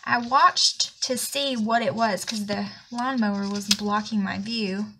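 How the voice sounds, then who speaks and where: Unhurried and fairly even in intonation, a medium-pitched woman with a Southern US accent rambles through an indignant anecdote on her chatty planner vlog. She's slightly breathless, and the background is noisy.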